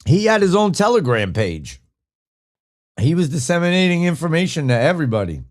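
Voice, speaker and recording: Rambling, profane podcast host, lively pitch. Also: male voice, fairly quick. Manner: rambling, profane, reads chat aloud. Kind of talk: casual live-stream talk.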